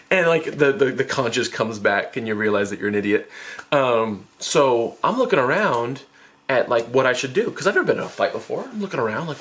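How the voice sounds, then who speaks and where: In a rambling vlog storytime, a young man keeps doubling back and laughing at his own blunders, heavy on fillers and restarts. His fairly bright, middling voice is very animated and a little fast, jumping into high, panicky bursts whenever he replays his past self.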